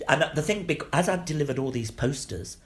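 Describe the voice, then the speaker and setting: An older man, an actor being interviewed, telling anecdotes in a lively, salty way and acting out the voices of the people in his stories. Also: fairly high pitch, normal speed. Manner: animated, salty, acts out quoted voices. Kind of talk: anecdotal storytelling.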